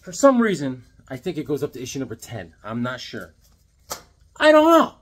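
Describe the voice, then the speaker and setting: Husky, animated man in his seventies. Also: mid-range voice, a little fast. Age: 70s. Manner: enthusiastic, rambling, jokey. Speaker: comic book collector showing a haul. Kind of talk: casual haul video chat.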